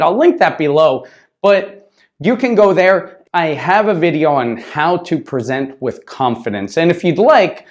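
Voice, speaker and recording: A man teaching business English to camera in a casual style, often checking in with "right?" and dropping into brief Spanish asides. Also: fairly high pitch. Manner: conversational, repeats "right?" often.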